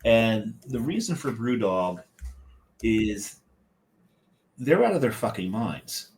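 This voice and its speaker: A man co-hosting a casual podcast, rambling and joking with lots of filler pauses. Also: lowish voice, very animated, a little mellow, a little hiss or hum. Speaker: podcast co-host.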